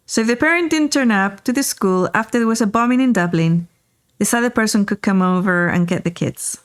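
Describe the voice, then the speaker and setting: A woman's voice: medium pitch, brisk. Middle-aged woman, podcast host, casual storytelling, rambling with fillers, talking in a car. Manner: relaxed, rambling anecdotes with many fillers. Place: in a car while driving.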